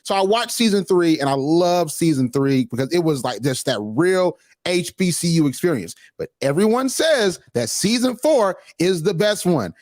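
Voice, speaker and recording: A young man in his twenties hosts an interview, talking in a relaxed, conversational way. His voice is slightly high for a man and sounds dry and close, with no room around it. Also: moderate pace, few pauses, no room sound. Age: 20s. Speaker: interview host. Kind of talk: casual interview chat.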